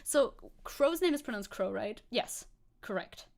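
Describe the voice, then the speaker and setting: A woman with a non-native accent chatting on a livestream at a desk mic, her fairly high voice swinging widely in pitch. She rambles, laughs at herself and restarts sentences often. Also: animated, a little slow, vocal fry, darkish tone. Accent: non-native English accent. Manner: rambling, self-mocking, frequent laughs and restarts. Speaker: VTuber streamer. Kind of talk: casual livestream chat reacting to a video.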